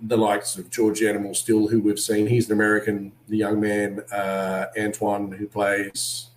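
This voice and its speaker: An Australian man with a fairly low voice, telling lively behind-the-scenes stories as an interview guest. He acts out the lines of the people in his stories. The sound is roomy and echoey. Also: measured pace. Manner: animated anecdotes, acting out other people's lines. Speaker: actor guest. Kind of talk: casual interview storytelling.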